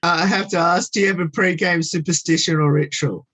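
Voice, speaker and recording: A radio host asking interview questions over a video call, hesitant and full of "um" fillers, laughing often. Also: male voice, fairly high pitch, fairly even intonation, brisk, a bit bright.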